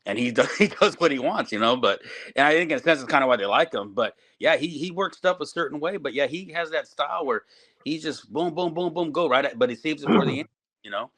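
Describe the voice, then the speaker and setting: Profane middle-aged wrestling trainer talking shop. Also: male voice, fairly high pitch, fast talker. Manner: profane, animated storytelling. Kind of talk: casual podcast chat.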